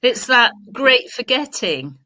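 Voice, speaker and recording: Bright-voiced reflective English woman. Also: fairly high pitch, big pitch swings, slow. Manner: reflective, earnest, talks at length. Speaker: guest. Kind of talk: casual chat.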